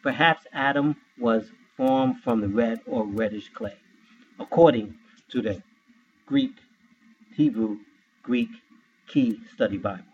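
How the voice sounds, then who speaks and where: A man's voice: medium pitch, takes it slowly, long pauses. Man, scripture teacher, spells words out, asks questions; muffled, slightly noisy recording. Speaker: Bible teacher.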